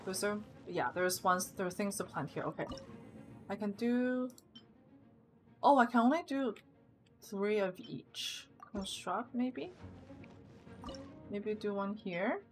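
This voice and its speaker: A young woman streaming a game, thinking aloud and getting loud and excited when things go wrong. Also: medium pitch, slow pace, pauses often, faint music behind. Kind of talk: live gameplay commentary.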